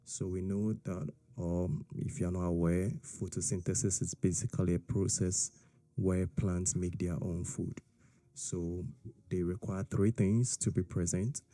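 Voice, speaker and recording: Deep, mellow-voiced male science teacher. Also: unhurried, dry recording. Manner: steady explaining, with frequent "all right?" and "okay?" checks. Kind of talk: explaining a lesson.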